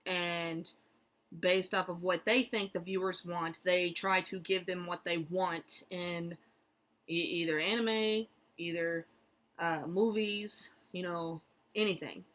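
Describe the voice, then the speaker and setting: A young adult woman, an American therapist, talking casually to camera with lots of fillers, restarts and animated asides. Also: lowish voice, takes it slowly. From United States. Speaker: therapist vlogger. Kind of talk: casual talking-head vlog.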